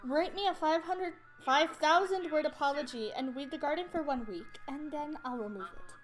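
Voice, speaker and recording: A woman plays a strict teen house warden from a game who is obsessed with rules and punishes every slip. The voice is high and commanding, and faint music plays behind it. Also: normal speed, close to an everyday voice. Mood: stern. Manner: stern, commanding.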